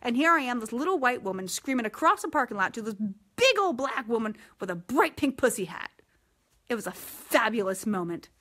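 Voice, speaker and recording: A woman in her forties hosting a casual live-stream chat, talking frankly and swearing freely with lively energy. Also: fairly high pitch, brisk. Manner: frank and profane, animated. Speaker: host.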